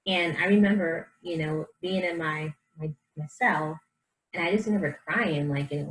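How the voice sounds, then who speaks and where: This low-quality recording captures a woman's lowish voice moving at normal speed. She's a life coach being interviewed casually, and she recounts her past and her beliefs with animated sincerity, acting out others' words.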